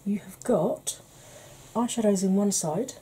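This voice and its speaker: A woman chatting casually as a beauty vlogger, easygoing and quick to laugh, with the odd mild swear. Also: mid-range voice, mellow, a little hiss or hum. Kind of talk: casual makeup declutter chat.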